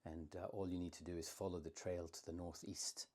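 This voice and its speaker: A man voicing a huge male giant of myth, sarcastic and mock-innocent, in a low, very husky voice. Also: flat delivery, a little fast, darkish tone. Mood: calm guiding.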